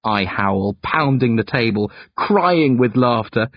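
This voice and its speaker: A man narrating an audiobook in the first person with a highly expressive, swooping delivery. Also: measured pace, few pauses, no echo, lo-fi sound.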